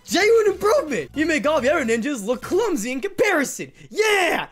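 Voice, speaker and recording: Woman, gameplay commentary, casual, self-mocking, very expressive pitch, faint music behind. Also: fairly quick, hardly any pauses. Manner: animated, self-mocking, swings between groans and cheers. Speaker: gaming YouTuber.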